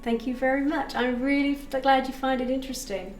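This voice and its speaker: High-pitched woman doing a live tarot stream, talks to chat, roomy echo with a little music. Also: level tone, a little fast. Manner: chatty, reads chat aloud, thanks viewers. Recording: echoey room with faint music.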